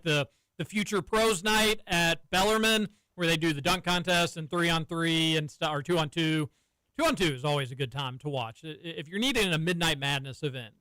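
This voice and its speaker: A man's voice: on the high side, normal speed, sharp tone, no echo, rough recording. A man in his thirties hosting sports radio, telling stories and teasing his cohosts in a studio. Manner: chatty, storytelling, teasing. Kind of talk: casual sports radio banter. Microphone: studio microphone.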